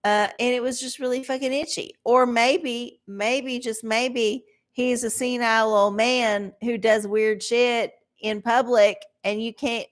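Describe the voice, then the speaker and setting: A woman's voice: fairly high pitch, steady tone, moderate pace, hardly any pauses. A middle-aged woman reading oracle answers on a live stream, rambling, swearing and sarcastic. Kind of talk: casual live-stream chat.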